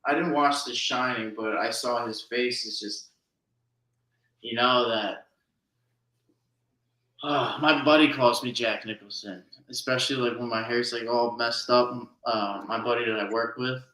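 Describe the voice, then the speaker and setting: Brief: rambling guy from New Jersey, bright tone, echoey room. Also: mid-range voice, steady tone, measured pace. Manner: rambling, full of restarts and fillers. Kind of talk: casual chat.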